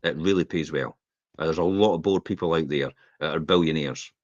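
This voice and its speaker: A Scottish man chatting on a podcast as the host, opinionated and animated, with laughs slipping into his rants. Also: extremely low pitch, a little fast, no echo. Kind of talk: casual podcast chat. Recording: dull lo-fi podcast audio.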